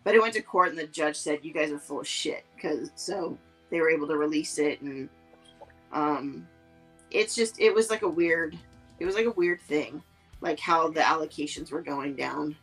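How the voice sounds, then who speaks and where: Woman, low voice, casual podcast chat, rambling, lots of fillers, faint music behind. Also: moderate pace, fairly bright tone, poor audio. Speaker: podcast co-host.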